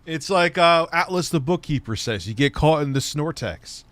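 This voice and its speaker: A man's voice: fairly high pitch, expressive, moderate pace, fairly bright tone, dry recording, some chatter behind. A man hosting a live stream, mocking and ranting with plenty of swearing as he reacts to a clip. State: recovering from a leg injury. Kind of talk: casual live-stream commentary.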